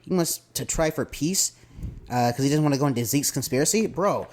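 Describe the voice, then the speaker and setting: A man's voice: on the high side, expressive, fairly quick, a little mellow. A man from the American South co-hosting a podcast, chatting casually and slangily about an anime episode and acting out the characters' lines. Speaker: podcast co-host. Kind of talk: casual anime review chat.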